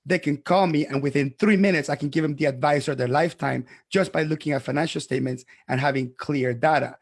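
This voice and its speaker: A man's voice: fairly high pitch, creaky, breathy edge. A man who grew up abroad, an accountant hosting a podcast, arguing his point emphatically and stumbling over restarts. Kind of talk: heated podcast debate.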